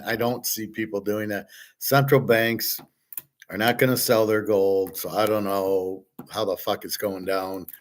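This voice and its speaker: Blunt, profane man ranting. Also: on the low side. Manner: blunt, profane, scornful, rambling with restarts. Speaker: host. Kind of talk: unscripted rant on gold and economics.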